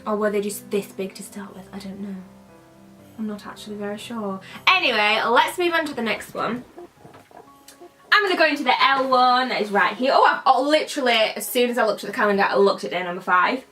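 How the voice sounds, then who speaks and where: A woman's voice: on the high side, brisk, bright, forceful tone, soft background music. A young British woman chatting casually while unboxing beauty products, playfully shifting her accent as she talks. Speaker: beauty vlogger.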